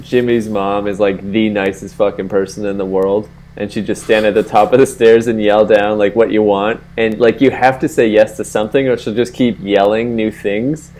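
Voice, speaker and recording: A man's voice: on the low side, little pitch movement, moderate pace, hardly any pauses, darkish tone, a little hiss or hum. A young man co-hosting a podcast, telling stories animatedly and swearing freely. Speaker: podcast co-host. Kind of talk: casual chat.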